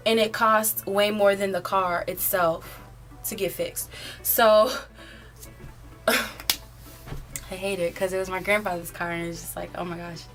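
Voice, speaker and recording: A woman's voice: mid-range voice, fairly even intonation, measured pace, pauses often, fairly bright tone, faint music behind. An eighteen-year-old woman telling a story in a casual, rambling way, filling it with "like" and "um". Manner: rambling, filler-heavy, often says "like". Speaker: vlogger.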